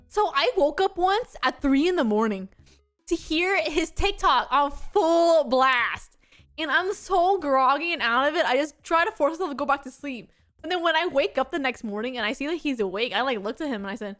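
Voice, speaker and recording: A young woman VTuber chatting casually on stream, telling stories in an animated way with lots of laughter. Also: sits high. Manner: animated storytelling with frequent laughter.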